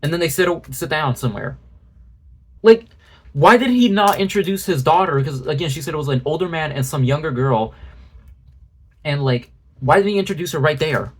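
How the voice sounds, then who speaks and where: A man's voice: fairly high pitch, lively intonation, moderate pace, pauses often, slightly rough. A man doing a ranting commentary video, sarcastic and exasperated, with frequent swearing. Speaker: commentary YouTuber.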